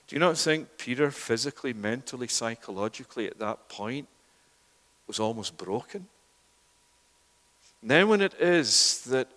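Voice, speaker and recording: A man preaching a sermon, swinging from loud, urgent outbursts to hushed near-whispers. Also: medium pitch. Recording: long hall reverb.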